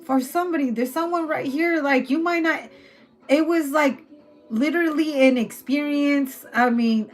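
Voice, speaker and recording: A woman's voice: sits high, normal speed. A woman giving a casual tarot reading, talking loosely with lots of swearing and laughter. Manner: loose, profane, chatty, laughs often. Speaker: tarot reader.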